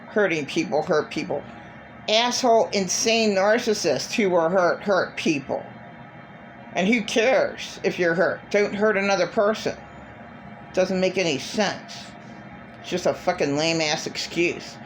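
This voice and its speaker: A woman's voice: fairly low pitch, measured pace, slight background noise, low-quality recording. A middle-aged woman vlogging in a blunt, profane, repetitive rant. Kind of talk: casual monologue.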